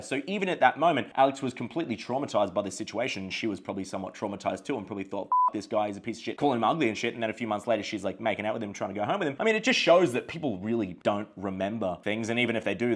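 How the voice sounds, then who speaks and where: A young man, a dating coach telling stories in a casual, slangy monologue with plenty of swearing. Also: medium pitch. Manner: animated, swearing, slangy storyteller.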